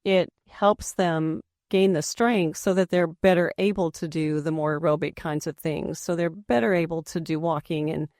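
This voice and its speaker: A woman specialist in a radio interview, explaining in a steady, practical way. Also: low voice, moderate pace, few pauses, dry recording, clean studio sound. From United States. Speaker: extension specialist.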